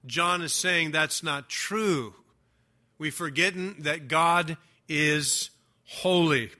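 An older man preaching a sermon, stressing key words slowly and swinging between loud declarations and quiet asides. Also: fairly high pitch. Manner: emphatic preaching, stretching key words, rising and dropping loudness. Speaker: pastor.

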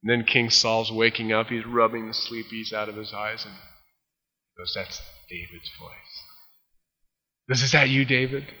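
A man preaching, reading scripture aloud and then retelling it with lively acted-out voices. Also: mid-range voice, brisk, hardly any pauses, long reverb tail. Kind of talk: expository Bible teaching.

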